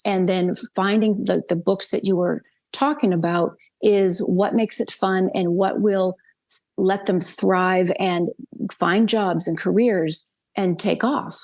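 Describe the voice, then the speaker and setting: A woman's voice: medium pitch, steady tone, slow, darkish tone. Rambling woman interview host. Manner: rambling, hesitant, many fillers. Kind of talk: interview questions.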